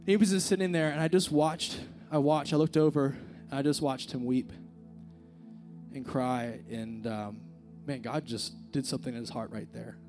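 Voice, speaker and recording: A young man's mid-range, slightly mellow voice comes through a handheld microphone as he gives an informal sermon at church as a youth speaker. He tells a personal story earnestly and casually, leaning on fillers like "like" and "dude."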